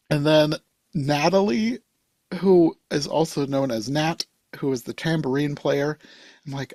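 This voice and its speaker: A man hosting a podcast, chatting casually about a movie with a laid-back, wry manner that drops into quiet asides. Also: on the high side, animated, slow pace, long pauses, dry recording. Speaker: podcast host. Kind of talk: casual movie review chat.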